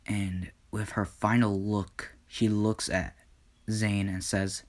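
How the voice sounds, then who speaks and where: Male storyteller, low voice, slow, halting casual fan-story narration. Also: little pitch movement. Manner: halting, with frequent fillers and restarts.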